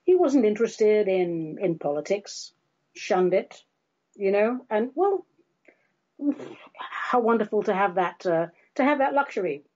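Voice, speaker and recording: A woman's voice: medium pitch, animated, unhurried, a little mellow, highs cut off. Wry woman hosting a podcast. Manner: wry, self-mocking humor with playful asides. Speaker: podcast host. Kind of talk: chatty solo podcast monologue.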